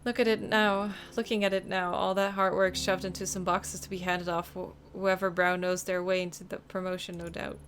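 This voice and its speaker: A woman's voice: on the low side, level tone, normal speed, hardly any pauses, fairly bright tone, slight background noise, lightly acted. A woman reading a bitter young female detective. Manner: wry, resentful inner monologue. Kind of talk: reading game dialogue aloud.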